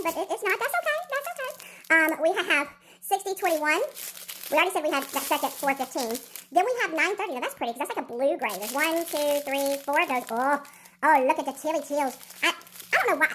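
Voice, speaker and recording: Chatty woman vlogger, sped-up chipmunk playback, very high and rapid, faint hiss behind. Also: a bit bright. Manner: chatty, counts aloud, self-teasing. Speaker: diamond painting vlogger. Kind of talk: casual unboxing chat.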